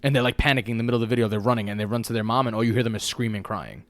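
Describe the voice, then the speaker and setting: A man's voice: fairly low pitch, racing. Slangy casual man on a podcast. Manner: slangy, animated, repeats "you know what I mean". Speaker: podcast co-host.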